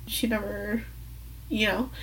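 A woman's voice: mid-range voice, fairly even intonation, slow, a bit bright, distant mic, low-quality recording. A young woman hosting a personal podcast, telling a story candidly and profanely, rambling and correcting herself, sometimes drifting off the mic. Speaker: podcast host.

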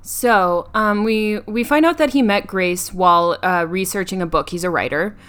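A woman's voice: medium pitch, normal speed, fairly bright tone, smooth. A young woman co-hosting a podcast, casually recapping a movie's plot with frequent ums and restarts. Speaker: podcast co-host.

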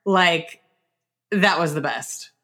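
A woman with a bright, forward voice chats as a podcast co-host. She teases dryly and laughs along with her friend. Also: on the low side, slow. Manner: wry and teasing, laughs along. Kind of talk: casual chat.

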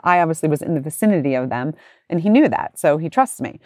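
In a lowish voice, a woman in her forties tells a casual story at a fast clip, animated and chatty, slipping into the voices of other people. The recording is close and dry, with no echo or room sound at all.

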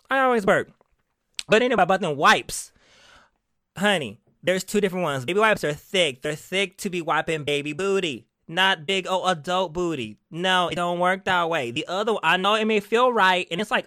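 A man's voice: high-pitched, pushed and bright, dry recording, studio quality. A man hosting a casual chat show, sassy and theatrical, calling his listeners honey and repeating words for emphasis. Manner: drawn-out, emphatic repetition. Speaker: podcast host.

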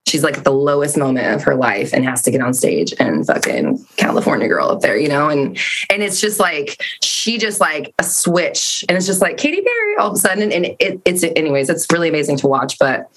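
A woman host in casual chat, rambling animatedly about shows that make her cry, cursing freely. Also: rumbling low.

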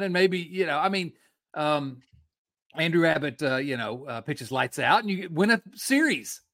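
A man's voice: a little high, normal speed. Podcast guy ranting about his team, voice jumping all over the place, lots of stops and restarts. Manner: animated, ranting, with frequent restarts. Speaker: podcast co-host. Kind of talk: casual sports chat.

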